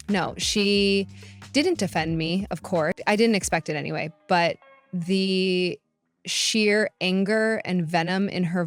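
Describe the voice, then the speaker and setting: A young woman telling her own family story in the first person, in a sarcastic and indignant way. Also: fairly low pitch. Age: young adult. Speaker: narrator.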